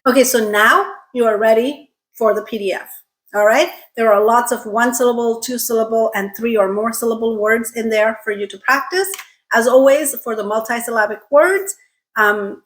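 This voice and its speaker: A woman teaching English pronunciation in an online lesson, speaking clearly and carefully and often checking in with the viewer. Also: on the high side, a bit bright, rough recording.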